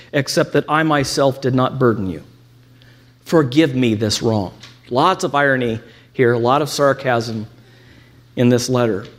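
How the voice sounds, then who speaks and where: A man teaching a lecture on scripture, reading quotations aloud and adding ironic asides. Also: fairly high pitch. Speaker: Bible teacher.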